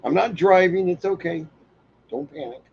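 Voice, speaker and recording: A man's voice: high-pitched, moderate pace, gravelly, a little mellow, husky, dull audio. A man co-hosting a casual livestream, joking and teasing, a little tipsy. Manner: joking, teasing, laughs often. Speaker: co-host of a livestream. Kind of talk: casual chat.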